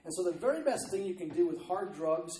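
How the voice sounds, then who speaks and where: A man delivers a sermon in a chatty, conversational manner, often pausing to check in with his listeners. His voice is slightly high and mellow. He sounds somewhat distant from the mic, in an echoey church room. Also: expressive. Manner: conversational, repeats "okay?" to check in. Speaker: preacher.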